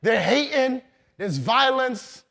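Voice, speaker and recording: A man giving a loud, hyped motivational training talk to a live audience in a large event hall, calling on the crowd and laughing. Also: very high voice, expressive, slow, gravelly. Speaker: motivational speaker.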